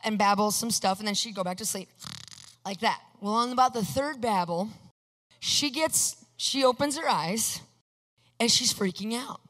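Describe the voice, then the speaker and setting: A woman with a slightly high voice preaches a testimony sermon, animated and storytelling. She acts out each exchange of dialogue and breaks into excited shouts. Her voice rings with a long reverb in a large hall. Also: moderate pace.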